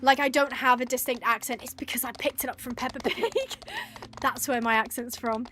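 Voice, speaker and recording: A woman's voice: on the high side, expressive, moderate pace, background noise. A British woman streaming a game, chatting casually and giggly with lots of fillers. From United Kingdom. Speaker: gaming streamer. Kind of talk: casual live gameplay commentary.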